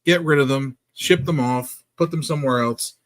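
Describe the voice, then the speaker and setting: A man's voice: medium pitch, moderate pace. A man co-hosting a casual wrestling review podcast, talking bluntly and with a lot of swearing. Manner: blunt, profane, dismissive. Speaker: podcast co-host.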